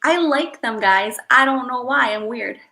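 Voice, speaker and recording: A woman's voice: a little high, lively intonation, a little slow, sharp tone, low-quality recording. A woman in her thirties chatting casually with her stream viewers, rambling and self-deprecating. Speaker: live streamer.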